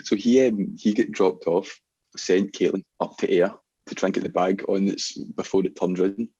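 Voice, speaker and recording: A young man with an Ayrshire Scottish accent telling laughing, animated stories in casual podcast chat. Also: low-pitched, normal speed, husky, dull audio. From Scotland. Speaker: podcast guest, DJ.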